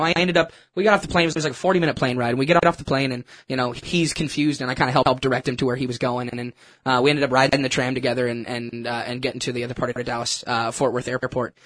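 A man telling a personal story in a casual, animated, self-mocking way, with lots of restarts. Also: medium pitch, fast. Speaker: churchgoer sharing a testimony.

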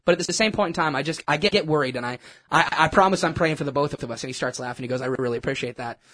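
A man telling a personal story in a casual, animated, self-mocking way, with lots of restarts. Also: on the high side, very fast. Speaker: churchgoer sharing a testimony.

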